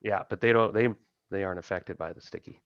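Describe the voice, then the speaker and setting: Low-ish guy gm-ing a tabletop game over a call, muffled dull audio, dry sound. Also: fast talker, no echo. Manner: casual, laughing, thinking aloud. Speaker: game master.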